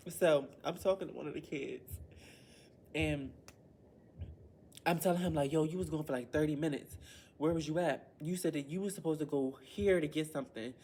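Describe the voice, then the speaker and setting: A woman's voice: deep voice, darkish tone, a little hiss or hum. Heated woman venting, swearing freely. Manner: heated, blunt, swears a lot. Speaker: teacher. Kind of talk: venting story to the camera.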